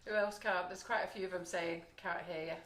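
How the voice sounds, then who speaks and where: A woman hosting a live baking stream from her shop kitchen, loud and chatty, reading out viewer comments. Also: lowish voice, steady tone, a little fast, reverberant. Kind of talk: casual live-stream chat.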